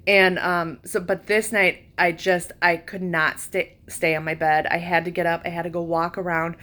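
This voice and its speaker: A woman telling a personal story in a casual, emotional way, full of fillers, with her voice leaping high when she quotes herself. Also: flat delivery, normal speed, pushed and bright. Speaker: vlogger recounting a retreat.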